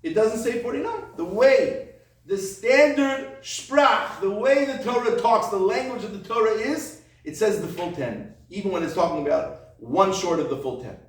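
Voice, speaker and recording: Echoey rabbi, high voice, far off. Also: male voice, moderate pace. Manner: explains step by step, repeats points, rhetorical questions. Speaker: rabbi teaching a Torah class. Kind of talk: conversational Torah lecture. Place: classroom or study hall. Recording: echoey room, voice from far off the mic.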